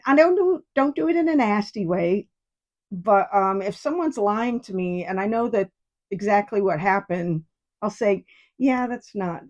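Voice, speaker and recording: A woman's voice: mid-range voice, highs cut off. Middle-aged woman, casual podcast monologue, frank and chatty, restarts often. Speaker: podcast host.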